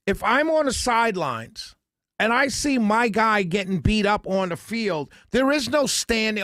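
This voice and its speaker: High-voiced man hosting talk radio. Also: very animated, a little slow, dry recording, studio quality. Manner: emphatic, opinionated, thinks out loud. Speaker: radio talk show host. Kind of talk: talk radio opinion monologue. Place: radio studio. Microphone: studio microphone.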